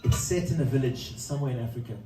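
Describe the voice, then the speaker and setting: Male musician, relaxed rambling storyteller with a warm, mellow tone, picked up from a distance in an echoey live room. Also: mid-range voice, fast talker, a little hiss or hum. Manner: loose, rambling storyteller with frequent chuckles. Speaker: musician introducing a song. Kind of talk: live storytelling between songs. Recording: roomy live sound from a distance.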